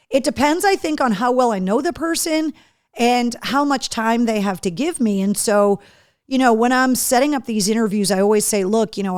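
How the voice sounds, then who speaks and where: A woman's voice: a little high, no room sound, studio quality. A woman hosting a live show, chatting casually, reading out viewer comments with a case of the hiccups. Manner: chatty, animated, reads comments aloud. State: has the hiccups. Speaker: radio and podcast host.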